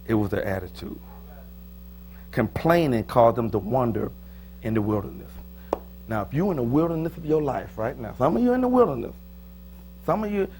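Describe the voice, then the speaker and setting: Animated pastor with a high, lively voice. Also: male voice, a little hiss or hum. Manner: lively, joking preaching with sudden loud high bursts. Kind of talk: sermon. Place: church.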